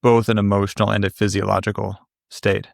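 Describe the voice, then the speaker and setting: Man host, gravelly and quick, halting delivery, low voice. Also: flat delivery, no room sound, clean studio sound. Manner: halting, repeats words as he starts. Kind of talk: interview question.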